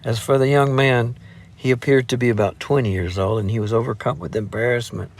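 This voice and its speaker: A man reading a story aloud as narrator, in a measured, even storytelling manner. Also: mid-range voice. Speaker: audiobook narrator. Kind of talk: scripted narration.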